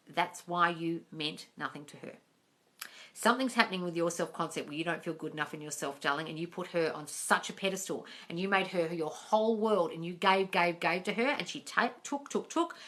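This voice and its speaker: A woman's voice: fairly low pitch, fairly bright tone. A woman answering viewer questions on a livestream as a manifesting coach, talking directly and calling listeners darling. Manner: calls listeners darling and guys. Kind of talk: live Q&A coaching. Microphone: phone on a livestream.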